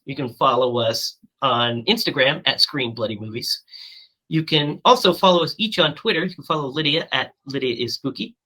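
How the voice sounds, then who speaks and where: A podcast host on a remote call closes out the season in a relaxed way. The voice is bright and a little sharp, and the talk is loose and full of fillers. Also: mid-range voice, rough recording. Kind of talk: casual show sign-off. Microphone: remote call mic.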